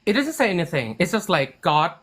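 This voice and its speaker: A man who writes and produces a TV series, telling a story in a casual interview. He talks in an animated way, acts out quoted dialogue, and often restarts his sentences with "like". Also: high voice, measured pace.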